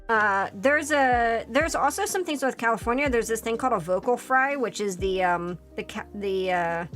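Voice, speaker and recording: A woman's voice: mid-range voice, a bit bright. A woman with a Philadelphia accent chatting casually on a live stream, rambling and laughing often. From Pennsylvania, US.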